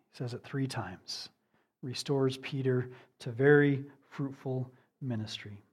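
A man preaching a sermon in an earnest manner, asking rhetorical questions and moving between emphatic and hushed delivery. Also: medium pitch, steady tone, a little slow, slightly rough. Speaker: pastor.

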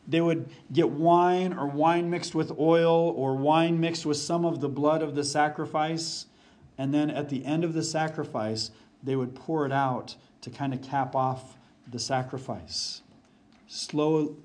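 A male pastor preaching with a slightly high voice. He speeds up and slows down, repeats short phrases for emphasis, and goes low and quiet for scripture. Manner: varies pace and volume, drops low for quoted verses. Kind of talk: sermon.

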